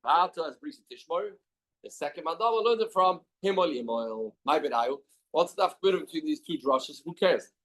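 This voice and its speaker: Man, somewhat high voice, Talmud teacher, reads text then explains, asks questions, study hall.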